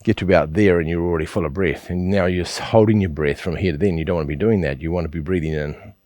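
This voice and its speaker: Very deep-voiced male qigong teacher. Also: fast, darkish tone, no room sound. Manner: patient, repetitive coaching with frequent "yeah?" check-ins. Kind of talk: guided exercise instruction.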